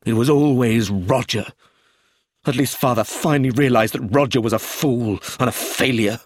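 A man voicing a cold, jealous middle-aged father with a rough, bitter way of speaking in a storybook reading. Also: mid-range voice, moderate pace, dry recording, close to an everyday voice.

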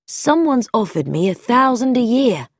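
A woman's voice: a little high, big pitch swings, normal speed, dry recording, clean studio sound, pitched above the performer's own voice. A woman reading earnest young Englishman Bobby. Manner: plain, frank, self-deprecating. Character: young male ex-naval vicar's son, earnest and loyal.

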